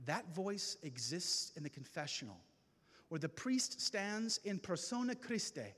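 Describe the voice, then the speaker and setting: A man preaching a personal testimony in a high, lively voice that swoops between hushed and ringing. He takes his time, leaning on long dramatic pauses, and his words carry a long echo through a large hall. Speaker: speaker at a men's gathering. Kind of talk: testimony sermon. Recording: reverberant hall.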